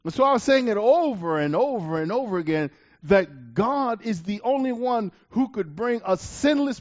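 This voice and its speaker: A man preaching a sermon, reading scripture aloud and swinging from loud declarations to quiet asides. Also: highs cut off. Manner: emphatic, rising to loud declarations then dropping low.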